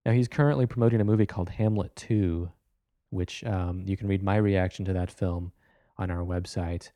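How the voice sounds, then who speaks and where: A man with a deep, mellow voice hosts a film program, introducing the guest and a clip. He talks in a relaxed, conversational way with a few fillers, and the sound is dry and close. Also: normal speed, no room sound. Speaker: radio film show host.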